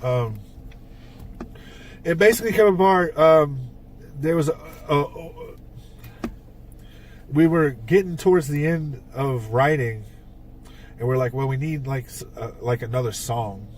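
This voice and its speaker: Male podcast co-host, mid-pitched and conversational, a rambling storyteller full of fillers who sits off-mic. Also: unhurried, pauses often, far from the mic, slight background noise. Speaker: podcast co-host and band songwriter. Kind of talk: casual chat.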